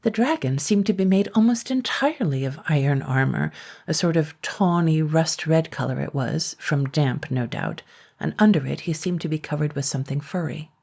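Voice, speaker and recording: Brief: calm, unhurried woman storyteller reading a fairy tale, gravelly low voice.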